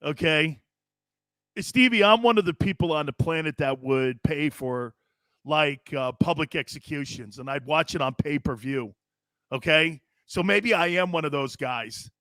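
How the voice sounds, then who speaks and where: A brash man hosting a sports talk show, loud and joking and quick to laugh at viewer comments. His voice sits high and bright, with a forceful edge. The mic is close and the sound is dry, with no room in it. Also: no room sound.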